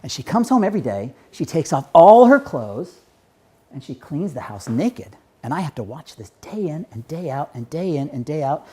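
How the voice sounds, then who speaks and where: A man voicing a smitten male dog who confides in a lowered voice. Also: sing-song, normal speed, a little mellow, breathy edge. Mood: confiding.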